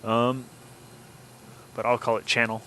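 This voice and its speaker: A man's voice: mid-range voice, monotone, a little slow, sharp tone, slight background noise, low-quality recording. A man hosting a casual flight simulator let's-play, chatting and explaining each step as he goes. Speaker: flight sim gameplay host.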